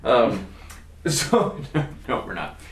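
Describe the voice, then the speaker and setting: A man's voice: medium pitch, very animated, drawn-out words. A man hosts a casual wine tasting, joking and wandering through his points with lots of fillers. He sits back from the mic in a roomy, echoing space. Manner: jokey, rambling, filler-heavy. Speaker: wine show host. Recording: roomy sound from a distance.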